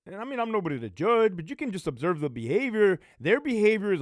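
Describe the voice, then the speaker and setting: A man with a fairly high, swinging voice tells blunt, profane stories and answers viewer questions on a casual live stream. His speech rises and falls a lot, and the sound is close and dry with no room around it. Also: quick pace, few pauses, no room sound. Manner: profane, blunt, animated storyteller. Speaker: livestream host and former prison lieutenant. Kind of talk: casual livestream Q&A storytelling.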